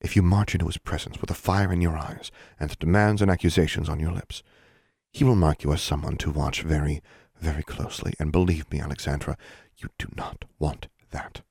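A man's voice: a bass voice, fairly even intonation, fairly quick, vocal fry, breathy edge, no room sound, clean studio sound, exaggerated voice. Man reading as a stern, guarded school dean. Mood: earnest. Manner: quiet, earnest warnings.

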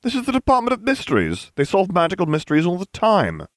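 A man's voice: sits high, huge pitch swings, fast, no echo, studio quality, voice pushed up. Harry, a smug, cocky teen wizard, voiced by a man. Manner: smug, teasing.

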